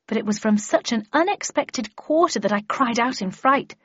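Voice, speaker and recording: A woman's voice: a little high, expressive, normal speed, fairly bright tone, breathy edge, dry recording. A woman narrating a first-person audiobook in a wry, understated storytelling manner. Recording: dry, slightly muffled lo-fi recording.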